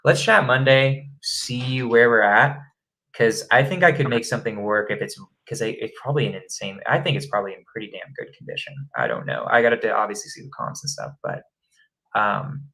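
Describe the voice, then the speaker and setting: Bright-voiced man coaching casually. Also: mid-range voice, big pitch swings, a little fast, creaky, rough recording. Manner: rambling, chatty, laughs at himself. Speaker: real estate wholesaling coach. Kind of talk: casual live-stream teaching.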